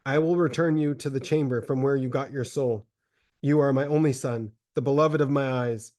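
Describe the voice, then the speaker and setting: A man voicing a starving, grief-mad mother in a solemn, measured dramatic reading of a religious text. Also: medium pitch, steady tone, darkish tone, close to an everyday voice. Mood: desperate tender.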